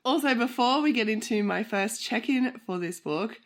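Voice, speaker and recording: A woman's voice: on the high side, animated, normal speed. A woman in her thirties who has a flu and sounds nasal, chatty and a little out of breath, rambling off on tangents as she hosts a book vlog. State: short of breath from pregnancy. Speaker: book vlogger host. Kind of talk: casual chat.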